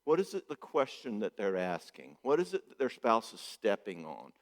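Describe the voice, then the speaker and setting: A man's voice: fairly low pitch, wildly swooping pitch, normal speed. A man gives a joking, conversational conference talk as a marriage therapist, often checking in with the audience. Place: church hall. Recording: echoey church hall.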